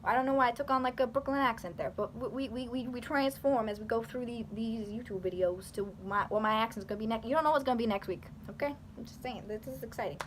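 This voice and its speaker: Young woman, rambling vlogger, bit high-pitched, faint background hiss. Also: fast, few pauses. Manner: rambling, animated, filler-heavy; talks with her hands. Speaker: YouTuber. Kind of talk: casual talking-head commentary.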